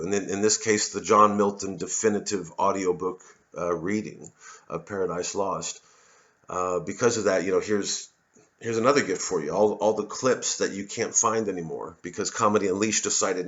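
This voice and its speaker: A low-pitched American man from Missouri rants in a loose, profane monologue, circling back and restarting his sentences. The sound is dull and lo-fi, like a home recording. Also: moderate pace, a bit bright. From Missouri, USA. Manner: ranting, profane, digressive with many restarts. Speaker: comedian hosting his own show. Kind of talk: rambling monologue to camera.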